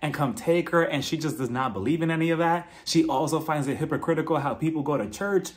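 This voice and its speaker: A man's voice: on the high side, quick pace. A man giving a casual, candid recap of a reality TV episode, chatty and outspoken, with frequent swearing and laughter. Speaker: reality TV reviewer.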